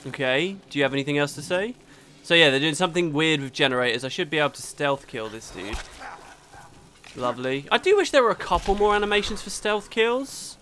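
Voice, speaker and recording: Bright-voiced young man narrating gameplay. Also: fairly high pitch, lively intonation, slight background noise. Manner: chatty and rambling, quick reactions to gameplay. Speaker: let's play host. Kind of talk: gameplay commentary. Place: home room during a thunderstorm. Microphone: desktop mic recorded in Audacity.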